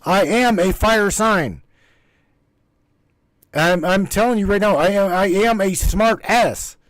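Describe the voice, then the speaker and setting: A man's voice: high voice, slow, no room sound. A man hosting a spiritual livestream, talking casually to his live chat in a rambling, repetitive, emphatic way and swearing freely. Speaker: host of a spiritual livestream broadcast.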